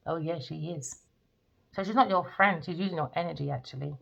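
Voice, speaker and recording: A woman's voice: low-pitched, a little fast, gravelly, very noisy. A woman giving a profane, scornful rant as a tarot reader. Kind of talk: ranting monologue. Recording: dull lo-fi recording.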